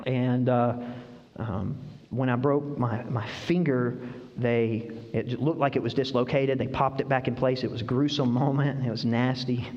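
Animated male pastor preaching in a hall. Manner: animated storytelling, acts out voices with high-pitched cries. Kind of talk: sermon. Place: church hall. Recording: dull sound, long hall reverb.

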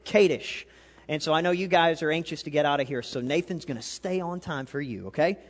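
A male pastor preaching a sermon, animated, swinging between loud and quiet and asking the congregation questions. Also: a little high, fairly quick. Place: church sanctuary. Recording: long hall reverb.

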